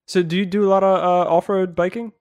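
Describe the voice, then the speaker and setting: Man, podcast host, easygoing, slightly high pitch, dry sound. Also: level tone, quick pace, a little mellow, dry recording. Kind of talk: casual interview questions.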